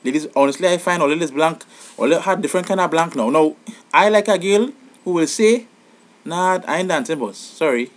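Animated high-voiced man. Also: fairly quick. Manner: animated, exasperated, rising to high outbursts. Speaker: vlogger. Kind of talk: comic advice monologue.

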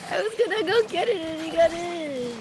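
A woman's voice: extremely high pitch, lively intonation, brisk, background noise. A young woman chatting playfully while playing a video game with a friend. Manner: playful, bubbly, squeals and sings. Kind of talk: casual gaming chat.

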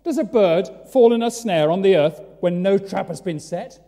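A man voicing a male open-air prophet who loudly calls rhetorical questions to passers-by, heard in a church with a long reverb. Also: high voice, expressive, a little fast, voice pushed up. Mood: declaiming. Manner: loud, declaiming street-preacher questions.

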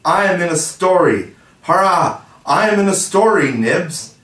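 A man reading aloud and voicing an eager, excitable little lost boy who exclaims with delight. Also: medium pitch, moderate pace, voice pushed up, close to an everyday voice. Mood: excited. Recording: roomy, distant mic.

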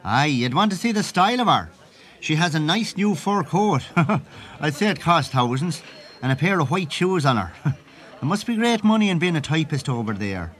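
Comic sketch: a rambling Irish pub gossip on the phone, chuckling, voice pitched a touch high. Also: male voice, very animated, moderate pace, fairly bright tone. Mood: gossipy. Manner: rambling, chuckles through his own gossip. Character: chatty gossiping Irishman phoning from the pub at Christmas.

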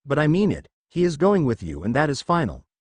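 A confident young man lays down the rules in a calm, firm voice, read by a male narrator. He never rushes. The sound is close and dry. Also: on the high side, husky, dry recording, exaggerated voice.

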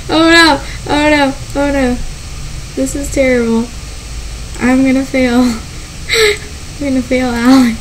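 A woman giving gameplay commentary as a channel host, excitable and panicky, often squealing and laughing. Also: high voice, takes it slowly, long pauses, slight background noise, rough recording.

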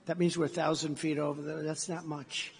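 Gravelly older man telling a rambling story. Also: fairly high pitch, flat delivery, fairly quick, a little hiss or hum. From United States. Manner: repetitive, meandering storyteller who acts out dialogue. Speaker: gala speaker. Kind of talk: rambling speech anecdote. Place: large banquet hall. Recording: reverberant hall sound.

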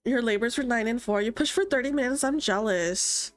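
A woman's voice: fairly high pitch, a little fast. Chatty young woman streaming a game. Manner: chatty, reads chat aloud, gasps and laughs often. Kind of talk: casual live-stream chat while playing. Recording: game music faint behind.

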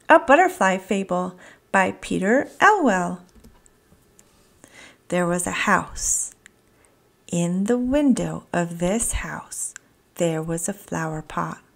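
A woman reading a children's picture book aloud, slow, soft and expressive. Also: medium pitch. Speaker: children's story reader. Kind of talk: read-aloud storytime.

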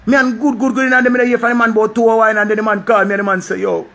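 Very high-voiced Jamaican man telling a story. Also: rapid-fire. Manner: animated, mixing patois and slang. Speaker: vlogger. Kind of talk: casual storytelling.

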